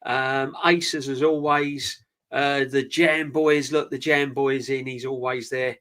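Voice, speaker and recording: A man hosting a casual live-stream football chat, talking fast and eager, out of breath. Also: mid-range voice. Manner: energetic, quick, calls guest brother. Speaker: podcast host.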